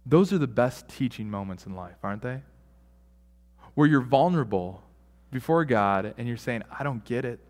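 A man's voice: medium pitch, animated, moderate pace, in a large hall. Man preaching with sweeping dynamics. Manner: dynamic, swings from loud emphasis to hushed near-whisper; conversational with fillers and asides. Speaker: pastor. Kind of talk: sermon.

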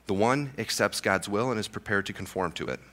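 Young male pastor, low pitch and bright delivery, relaxed joking sermon style. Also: fairly quick. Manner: casual, joking asides with many restarts.

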